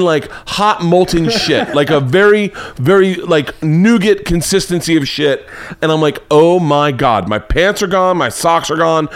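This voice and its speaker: Young guy telling a gross story on his podcast, swears a lot, jumps into little voices. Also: a little high. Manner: profane, animated, acts out voices in his stories. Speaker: comedian host. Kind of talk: casual comedic storytelling.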